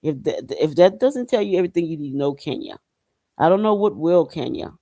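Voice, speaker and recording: A man from Haiti hosting a podcast, talking in a loose, slangy commentary style and breaking into loud whoops. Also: on the high side, lively intonation, brisk, no room sound. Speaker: podcast host. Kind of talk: casual commentary monologue.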